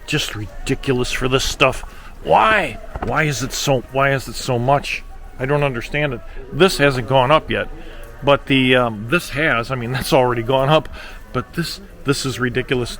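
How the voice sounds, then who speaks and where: A man's voice: medium pitch, fairly bright tone. A man filming a casual shopping vlog, walking a big warehouse store and talking to the camera in an exasperated way about prices. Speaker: shopping vlogger.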